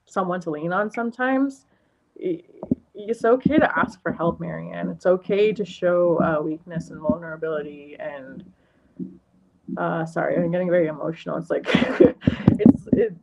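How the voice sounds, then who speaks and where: Rambling woman giving a spiritual reading. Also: on the low side. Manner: rambling, many fillers and restarts. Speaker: energy healer and tarot reader. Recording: lo-fi muffled stream audio.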